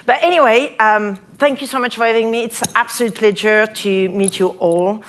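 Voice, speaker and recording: A woman's voice: fairly high pitch, moderate pace. Chatty French-accented woman giving a talk. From France. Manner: chatty, playful, many fillers and restarts. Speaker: speaker at an event. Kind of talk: conference talk. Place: event hall before a live audience.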